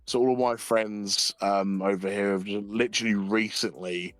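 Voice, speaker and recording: Man, young adult, low voice, dry close sound, casual stream chat, sweary. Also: fairly even intonation, moderate pace, fairly bright tone, dry recording, soft background music. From United Kingdom. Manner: sweary, giggly storytelling. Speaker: streamer co-host.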